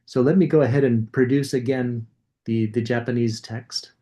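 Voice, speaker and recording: A man's voice: medium pitch, steady tone, moderate pace, mellow. A man giving a coding lecture, casually thinking aloud and demonstrating code as he goes.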